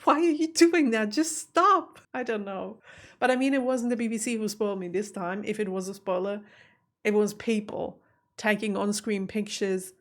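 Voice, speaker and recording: A woman's voice: medium pitch, fairly even intonation, moderate pace, a little mellow. A young adult woman hosting a TV reaction video, talking in a chatty, emotional and exclamatory way. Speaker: reaction channel host. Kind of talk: casual reaction commentary.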